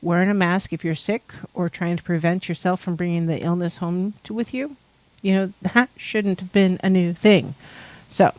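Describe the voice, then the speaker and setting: A woman's voice: fairly low pitch, steady tone, moderate pace, a little mellow, no room sound, dull audio. A woman from North Idaho hosting a podcast, chatting casually and rambling with exasperation and many fillers. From North Idaho, United States. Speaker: podcast host. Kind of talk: casual chat.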